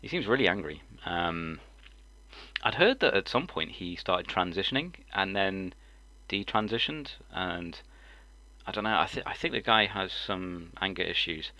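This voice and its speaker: A man's voice: deep voice, expressive, moderate pace, pushed and bright, dry recording. A man, a live-stream host, chatting casually, rambling and breaking into laughter often. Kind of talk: casual chat.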